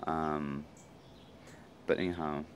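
Low-voiced man musing in a vlog. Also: flat delivery, slight background noise. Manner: fast, rambling, with frequent fillers and "right?". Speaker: vlogger. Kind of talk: casual reflective monologue.

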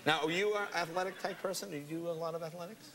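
A man hosting a talk show, asking quick teasing questions in casual chat. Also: on the high side, steady tone. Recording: VHS TV broadcast, loud studio audience and hiss.

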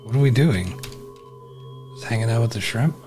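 A man giving casual let's-play commentary, talking to himself, laughing often, swearing and reacting loudly. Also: medium pitch, lively intonation, moderate pace, soft background music. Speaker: gameplay commentator.

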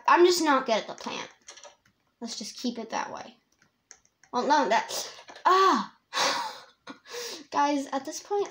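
A woman giving rambling, excitable let's-play commentary as a young YouTuber, laughing often. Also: a little high. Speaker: gamer and YouTuber.

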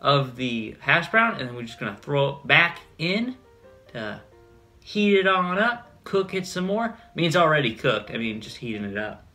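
A man's voice: fairly high pitch, sing-song, moderate pace, sharp tone, soft background music. A teenage boy casually showing how he cooks his lunch, joking and a bit rambling. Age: teens. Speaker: teen cook. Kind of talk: casual cooking demonstration.

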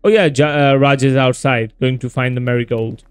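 A man's voice: medium pitch, steady tone, normal speed, clear, resonant tone, no echo. A man casually talking to himself and his viewers as he plays a horror game, reacting aloud to what he finds. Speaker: gameplay video host.

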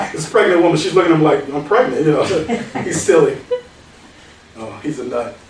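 A man preaching as a pastor in a conversational teaching style, with a fairly high voice. The room is very echoey and he sounds set back from the microphone, with faint noise underneath. He moves between quoted scripture and casual stories. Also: lively intonation, normal speed. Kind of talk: verse-by-verse Bible teaching. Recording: echoey hall, mic at a distance.

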